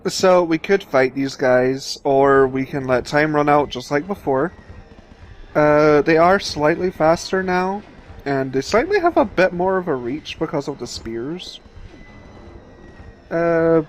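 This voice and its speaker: A man's voice: a little high, expressive, measured pace, slight background noise. A man hosting a let's play, chatting casually, thinking aloud and swearing freely as he plays. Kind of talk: casual gameplay commentary.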